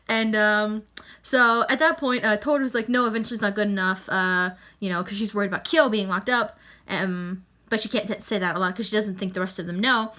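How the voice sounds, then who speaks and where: A young woman hosting a casual reaction vlog about an anime episode, talking in an excitable, emphatic, rambling way with lots of fillers. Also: mid-range voice, normal speed. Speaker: anime reviewer YouTuber.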